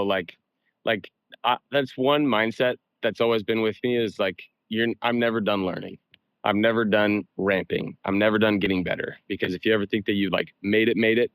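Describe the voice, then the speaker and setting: A man's voice: medium pitch, no echo. A man, a sales veteran guest on a call-in interview, talking casually and often tagging "like" and "right?". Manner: casual, peppers talk with "like" and "right?"; acts out doorstep exchanges.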